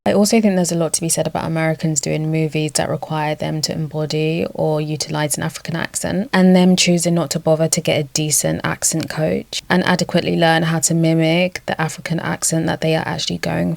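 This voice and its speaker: A young woman talks through a scripted essay in a low voice with a gravelly, fried edge. Her delivery is measured and argumentative. The sound is close and dry, with no room echo. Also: fairly even intonation. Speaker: video essayist. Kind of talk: scripted video essay narration.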